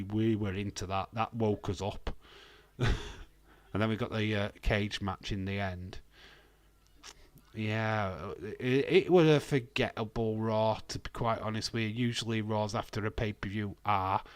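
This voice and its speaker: A man's voice: on the low side, dry recording. A Welsh man from Wales, hosting a wrestling watch-along stream with rambling, jokey, sweary casual commentary on a close mic.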